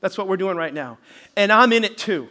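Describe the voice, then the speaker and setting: A man pastor delivering a sermon in a lively storytelling manner, pausing to ask for amens. His voice sits high for a man and rings bright and forward. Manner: animated storytelling, calls for amens.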